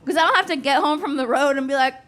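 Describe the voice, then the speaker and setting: Woman, forties, stand-up comic, profane, self-deprecating, high voice, noisy live club. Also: fast. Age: 40s. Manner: profane, self-deprecating, laughs at her own jokes. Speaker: stand-up comedian. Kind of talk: stand-up set. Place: comedy club stage. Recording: live club with loud audience laughter.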